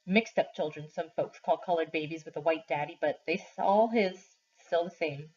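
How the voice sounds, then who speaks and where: A woman teacher reading a novel aloud to her class, slowly and expressively, on a dull lo-fi recording. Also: low voice, husky. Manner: slow, deliberate expressive reading.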